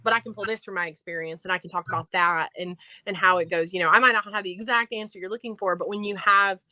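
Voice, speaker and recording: A young woman with an Appalachian accent talks quickly and chattily as an interview guest. Her voice is bright and forceful. The sound is dry and close, with no room echo. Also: medium pitch, steady tone. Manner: fast-talking, enunciating carefully, laughs often. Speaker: guest, infant toddler teacher and theater director. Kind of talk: casual interview conversation.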